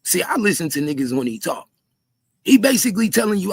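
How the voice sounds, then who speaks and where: A man doing heated livestream commentary, repeating himself in disbelief and often shouting. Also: high-pitched, sing-song, a little fast, slightly rough, dry recording. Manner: repetitive, incredulous, frequently shouting. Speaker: commentary streamer.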